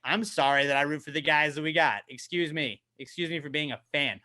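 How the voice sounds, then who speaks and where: Brief: male podcast co-host with a higher, bright voice, profane and self-mocking, swinging from mumbles to yelling. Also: a little fast. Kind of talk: casual comedic podcast chat.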